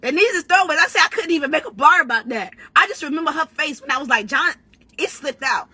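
A woman battle rapper in a brash, profane, trash-talking rant, talking casually and quickly. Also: high-pitched, lively intonation, sharp tone, no room sound. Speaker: battle rapper giving commentary.

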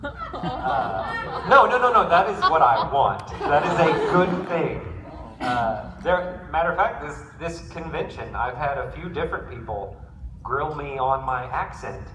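Man, panel guest, joking and chuckling, animated pitch, far from the mic in a noisy, echoey room. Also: measured pace. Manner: joking, chuckles through his answers. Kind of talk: casual convention panel talk. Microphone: phone in the audience, far off. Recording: echoey room, far-off phone audio, noise.

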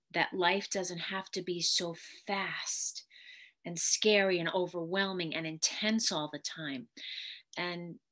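A woman's voice: on the low side, fairly bright tone. Earnest woman therapist giving a teaching talk. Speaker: psychotherapist. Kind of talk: teaching talk on trauma-informed parenting.

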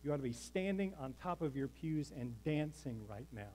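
A man's voice: a little high, animated, normal speed, dark tone, a little hiss or hum, low-quality recording. Emphatic preaching pastor, man. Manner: emphatic preaching, calls for congregation response. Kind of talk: sermon. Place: church sanctuary.

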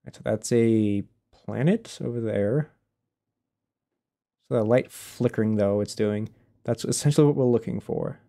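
A man's voice: mid-range voice, unhurried, creaky, mellow. A man streaming a game live, chatting casually, laughing often and answering his chat as he plays.

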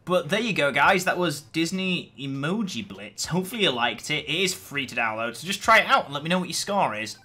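A young man giving chatty, self-mocking commentary over a mobile game, getting excitable when rushed. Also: fairly high pitch. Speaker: gaming channel host.

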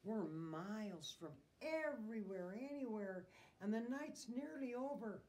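Santa's worn-out reindeer, as a woman reads them aloud, wailing and complaining in a lively, slow storybook voice. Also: medium pitch, close to an everyday voice.

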